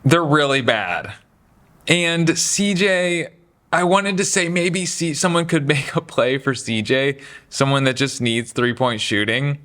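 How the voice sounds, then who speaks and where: A man giving casual, opinionated basketball talk, chatty and animated, slipping into mocking voices for quotes. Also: on the high side, measured pace. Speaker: basketball commentary host.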